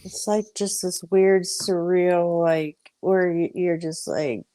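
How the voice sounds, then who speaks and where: A woman's voice: on the low side, steady tone, slow pace, few pauses, warm tone, dry recording. A woman, co-host of a casual chat show, talking chattily and filling her speech with "like" and "you know".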